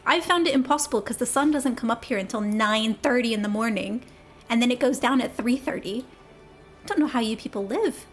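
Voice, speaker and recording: A woman's voice: on the high side, brisk, soft background music. A young woman streaming a game, chatting casually, laughing easily and reading the dialogue aloud in character. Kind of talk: casual live gameplay chat.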